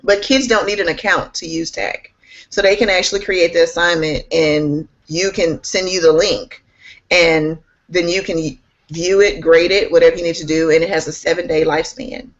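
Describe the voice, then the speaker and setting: A woman's voice: fairly low pitch, steady tone, normal speed. A woman talking in a bubbly, enthusiastic way as an instructional technology specialist in a casual interview, laughing often. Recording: slightly muffled, lo-fi audio.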